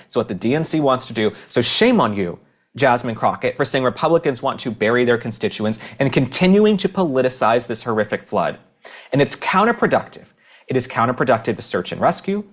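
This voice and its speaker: A man from Texas hosting his own podcast, delivering opinionated political commentary in an indignant, emphatic way with sarcastic asides. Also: mid-range voice. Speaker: podcast host.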